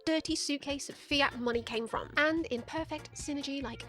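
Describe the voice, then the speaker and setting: A woman's voice: high-pitched, normal speed, fairly bright tone, soft background music. A woman giving sarcastic, profane commentary as the host of a video essay. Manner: sardonic, profane, mocking.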